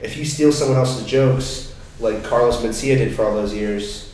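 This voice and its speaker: A man's voice: mid-range voice, moderate pace, darkish tone. A young man chatting casually on a podcast, rambling through stories and slipping into put-on voices for the people in them. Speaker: podcast co-host. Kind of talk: casual chat. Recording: echoey room, mic at a distance, faint hiss.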